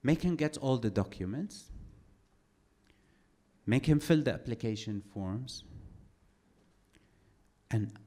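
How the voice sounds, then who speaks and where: A man doing a stand-up comedy set, telling his story with sardonic, animated delivery. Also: mid-range voice, slow, long pauses.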